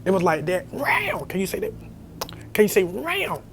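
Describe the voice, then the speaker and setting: A young man telling a scary story in casual storytime style, animated and jumping to high squeals when he quotes himself. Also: fast. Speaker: storyteller vlogger. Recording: faint background noise.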